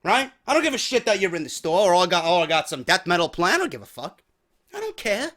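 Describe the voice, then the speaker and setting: Heated, high-pitched ranting man. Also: big pitch swings, fast talker, fairly bright tone. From New York. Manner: profane, heated, exasperated. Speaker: podcast host. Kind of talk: ranting storytelling.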